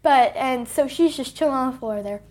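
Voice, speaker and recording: A woman's voice: high-pitched, fairly quick, a little mellow. A young woman in casual chat, recapping a movie plot in a chatty way, full of "like". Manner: chatty recap with many filler likes.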